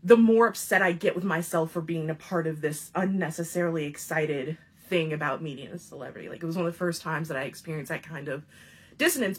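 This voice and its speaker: A woman in her thirties tells a funny personal story in a casual, animated way, swearing freely and laughing often as she goes. Her voice is on the low side and a bit rough.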